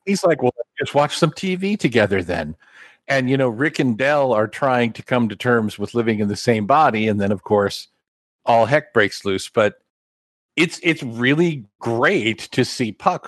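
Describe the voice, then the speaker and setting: Male podcast co-host, comics buff, lively and knowing, dry mic. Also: mid-range voice, no room sound. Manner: knowledgeable, trivia-heavy, animated. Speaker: comic book reviewer. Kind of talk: casual podcast chat.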